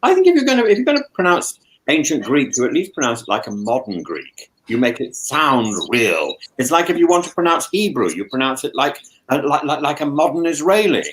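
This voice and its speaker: A man hosting a casual talk show, chatting at home. He stumbles over his words and repeats them. His voice swings widely up and down in pitch as he talks. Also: brisk, rough recording. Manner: stammering, repeats words, animated asides. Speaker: podcast host, professor. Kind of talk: casual chat. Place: home in lockdown.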